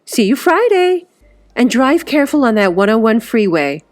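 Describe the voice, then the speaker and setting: A woman's voice: a little high, very animated, normal speed, no room sound, studio quality, voice pushed up. A woman voicing a polite, well-spoken wealthy woman with a posh accent, read as a storybook character. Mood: gracious.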